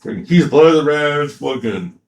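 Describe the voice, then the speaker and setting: A man's voice: a little high, measured pace, vocal fry, reverberant. A man casually ranting about an anime, retelling scenes with swearing and laughter. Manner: animated, profane, laughing storytelling. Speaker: anime commentator.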